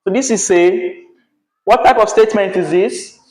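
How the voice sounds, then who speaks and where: A man's voice: high-pitched, normal speed, a little mellow. A male teacher, teaching a class patiently and checking in often with "yeah?" and "right?". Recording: echoey classroom.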